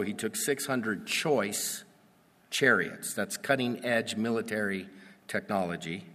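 A pastor giving a sermon, reading Bible verses and explaining them in a conversational way that builds to emphatic peaks. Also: male voice, lowish voice, a bit bright. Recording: long reverb of a large hall.

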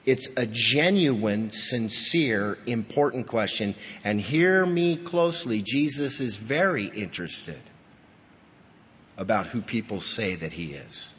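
A man preaching a sermon in a church, his husky voice carrying a long hall reverb. He is emphatic, pushing up to stress points and sinking low after them. The recording sounds dull and lo-fi. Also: expressive, slow, fairly bright tone. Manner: emphatic, rising to stress key points then dropping low. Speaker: pastor.

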